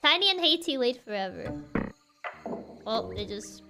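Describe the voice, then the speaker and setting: A woman's voice: fairly high pitch, very animated, measured pace, vocal fry, pauses often, music in the background. A woman streamer giving casual gameplay commentary, giggling often and thinking aloud as she works out a puzzle.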